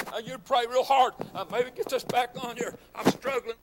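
A man preaching, his voice pitched very high. He drifts between quiet asides full of fillers and fervent shouted bursts. The sound trails off in a long hall reverb. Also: fairly even intonation, measured pace, heavy background noise. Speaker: pastor. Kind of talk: sermon.

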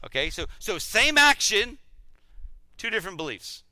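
A middle-aged man teaching a conversational sermon, animated and self-deprecating, often repeating words as he goes. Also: sits high, a little fast, clean tone, no room sound.

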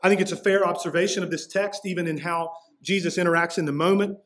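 Casual, fairly high-voiced male preacher. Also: fairly even intonation, fast talker, few pauses. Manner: casual, conversational preaching with slangy asides. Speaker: pastor. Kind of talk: sermon.

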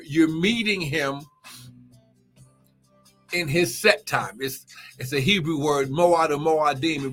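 Exuberant preacher man shouting praise. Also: fairly high pitch. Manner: repeats phrases and urges listeners to get it. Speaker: pastor. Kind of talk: live-streamed morning sermon.

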